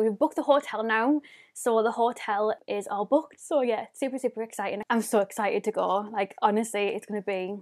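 Chatty woman with a higher voice. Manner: chatty, rambling, lots of "like" fillers. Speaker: beauty YouTuber. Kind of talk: casual unboxing vlog.

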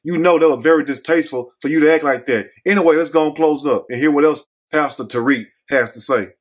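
A man's voice: on the high side, quick pace, husky. A man hosting a commentary vlog, talking in a folksy, scolding, preachy way. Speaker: host.

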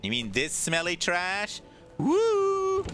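Male streamer, high lively voice, bright and joking, for casual gameplay commentary over faint game music. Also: measured pace. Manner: excitable, joking, sudden swoops into goofy low voices.

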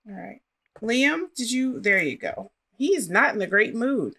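A woman's voice: a little high, expressive, unhurried, sharp tone, breathy edge. Chatty woman narrating her game. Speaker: gaming channel host. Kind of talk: casual gameplay commentary.

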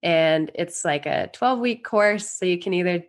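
A woman with a slightly low voice, speaking as a podcast guest. She talks earnestly and at length, rambling a little, her thoughts tumbling out in loose, casual phrases. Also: normal speed. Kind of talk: casual interview chat.

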